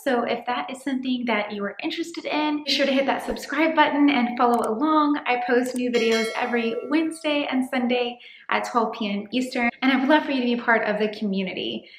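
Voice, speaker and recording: Woman, 30s, faith vlogger; slightly higher voice, earnest and encouraging, a little breathless, roomy echo. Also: fairly quick. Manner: earnest, encouraging, gently preachy. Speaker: faith-based dating vlogger. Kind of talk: casual to-camera vlog talk. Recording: echoey room.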